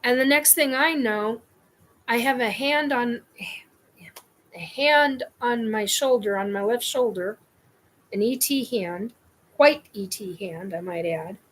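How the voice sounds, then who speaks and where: A woman's voice: a little high, slow pace, fairly bright tone. A woman hosting her own show, telling a personal experience in a scattered, rambling way. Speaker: host.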